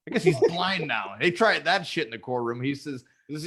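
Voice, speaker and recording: A man's voice: on the high side, a little fast. A man hosting a podcast, joking crudely in casual chat. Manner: crude, animated joking with frequent laughter. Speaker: podcast host.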